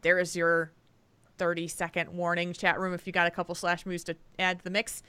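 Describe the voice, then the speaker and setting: A woman hosting a gaming podcast in casual chat, chatty and quick to laugh, trailing off with fillers. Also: on the low side, completely flat delivery, bright, forceful tone, clean tone, no echo. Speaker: podcast host.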